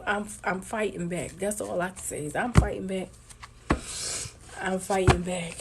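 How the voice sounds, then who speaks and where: A woman's voice: mid-range voice, heavy background noise. A woman doing a casual live stream card reading for viewers, with a sore throat and a held-back cough. She talks bluntly with lots of swearing and repeats her points for emphasis.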